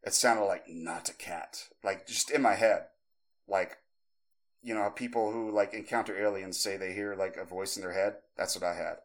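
This thirties-aged podcast co-host speaks at a normal speed in a lowish register while spinning a lengthy, rambling tale full of fillers and false starts. He performs the story's characters with lively, animated voices.

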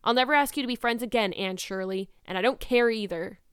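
A woman voicing an imaginative teenage girl, earnest and emphatic, sometimes quick and cold. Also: a little high, fairly bright tone, clear, resonant tone, dry recording, studio quality, natural voice.

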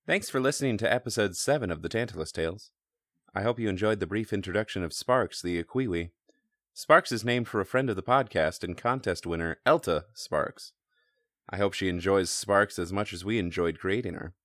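A man with a lowish voice narrates a tabletop game as its host and game master. He talks in a relaxed way, pausing on fillers, and the sound is dry and close. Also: no echo. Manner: relaxed, with frequent filler hesitations.

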